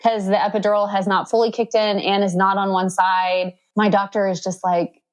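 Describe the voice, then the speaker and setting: A woman in her thirties telling her birth story as a podcast guest, chatty, full of fillers, and acting out what others said with sudden jumps up in pitch. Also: flat delivery, normal speed, low-quality recording. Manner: acts out quoted dialogue with sudden high pitch jumps. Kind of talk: casual storytelling.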